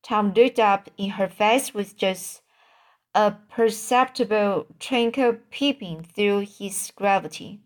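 A woman reads a classic novel aloud at a very slow pace. She halts often, repeats phrases and stops to fix her own words. Her pitch sits in a plain middle range. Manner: halting, repeats and corrects words. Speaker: audiobook reader.

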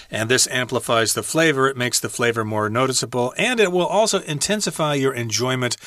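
Bright-voiced man teaching English. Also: medium pitch, brisk, hardly any pauses, dry recording. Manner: many "uh" fillers, stretches key words. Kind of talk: radio English lesson.

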